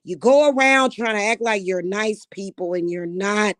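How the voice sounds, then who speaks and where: A woman's voice: medium pitch, moderate pace, few pauses, dry recording, studio quality. Furious woman ranting with heavy profanity. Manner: profane, shouting at times, repeating insults. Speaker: spiritual vlogger. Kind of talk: angry rant to camera.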